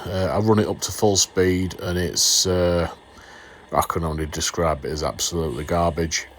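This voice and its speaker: Male vlogger, very low voice, rambling and jokey, noisy recording. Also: steady tone, moderate pace. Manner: rambling, jokey, lots of fillers. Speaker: model railway vlogger. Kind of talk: casual voice-over narration. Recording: noisy background ambience.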